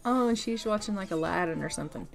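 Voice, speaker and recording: A woman's voice: mid-range voice, quick pace, vocal fry, soft background music. A woman giving casual gameplay commentary, chatty and full of filler words, laughing often. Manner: chatty, full of "like" and "you know". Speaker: let's-play creator.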